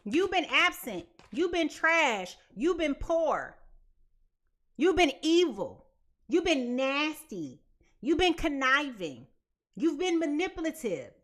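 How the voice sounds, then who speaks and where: A woman's voice: sits high, big pitch swings, slow pace, fairly bright tone. A woman giving a live tarot reading in a blunt, emphatic way, repeating her points. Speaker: tarot reader.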